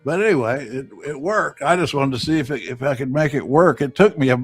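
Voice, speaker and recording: A man hosting a casual live-stream chat, talking in a halting, rambling way with many fillers. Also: mid-range voice, slightly rough, no echo, soft background music. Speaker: host.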